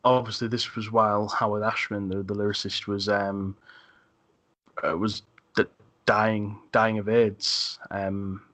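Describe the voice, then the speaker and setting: Low-voiced man hosting a film podcast. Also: level tone, fairly bright tone, no echo. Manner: halting, many restarts and repeated words. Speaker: podcast host. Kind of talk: casual film discussion.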